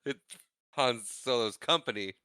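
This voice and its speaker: A man with a bright, clear voice chats through a movie recap on a podcast. He recaps scenes in an animated way and drops into quick impressions of the characters. The sound is dry and close, with no room around it. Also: mid-range voice, no echo. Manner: animated, acts out movie lines. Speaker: podcast co-host. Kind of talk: casual movie recap chat.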